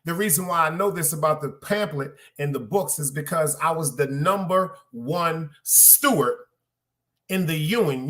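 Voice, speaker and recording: A man ranting through a work story on his podcast, profane and animated, repeating lines for emphasis and calling out to his listeners. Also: on the high side. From Brooklyn, New York. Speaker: podcast host. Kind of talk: casual storytelling rant.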